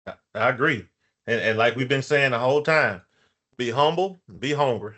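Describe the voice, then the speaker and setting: A man's voice: mid-range voice, moderate pace, bright, forceful tone. A man hosting a casual podcast interview, who speaks emphatically and stumbles over restarts. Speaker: podcast host.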